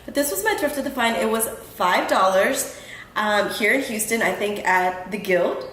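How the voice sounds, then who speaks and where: A woman's voice: mid-range voice, expressive, normal speed, fairly bright tone, roomy sound, slight background noise, poor audio. A woman hosting her own show, talking earnestly and casually to her listeners, with frequent ums and restarts. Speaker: podcast host. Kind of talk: casual talk to the audience. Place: home room in Houston.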